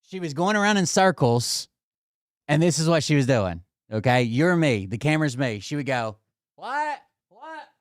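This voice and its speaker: Guy ranting through a home story, cussing a lot, mid-pitch voice, dry close sound. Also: normal speed, no room sound. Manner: animated and heavily profane, with laughter. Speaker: vlogger telling a home story. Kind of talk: casual storytelling.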